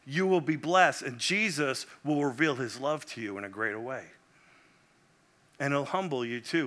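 A middle-aged man from Puerto Rico preaching a sermon as a visiting pastor, passionate and swinging between loud exclamations and hushed prayer. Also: mid-range voice, normal speed.

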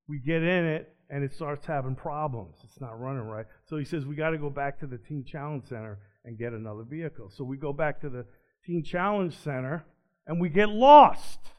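A man giving a personal testimony, telling his story earnestly and swinging between animated and hushed. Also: medium pitch, brisk. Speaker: ministry speaker. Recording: dull lo-fi recording.

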